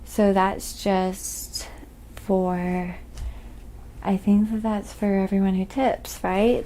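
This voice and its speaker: A woman from Oklahoma with a slight Southern accent, chatting softly on a live painting stream and reading viewer comments aloud. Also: mid-range voice, fairly even intonation, slow, a little hiss or hum. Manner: reads viewer comments aloud, thanks donors. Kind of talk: soft-spoken ASMR live stream chat.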